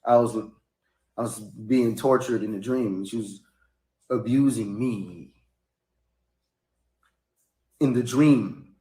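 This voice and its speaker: A man telling a long personal story in a casual, rambling way, sometimes rising into high, loud bursts. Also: slow, long pauses. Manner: rambling, rising to high-pitched outbursts when quoting himself. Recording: echoey room.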